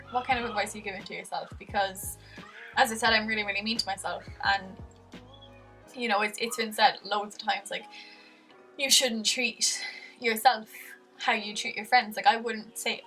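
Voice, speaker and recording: A young Irish woman rambling candidly to camera, her words loose and full of fillers. She sits a little back from the microphone. Soft music plays faintly underneath. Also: medium pitch, far from the mic, rough recording. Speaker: vlogger. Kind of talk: casual confessional talk to camera. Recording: music faintly behind, voice a bit off-mic.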